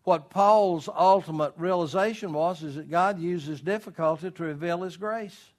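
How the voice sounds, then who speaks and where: A man preaching a sermon as pastor, animated and storytelling, acting out voices in his illustrations. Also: high voice, normal speed.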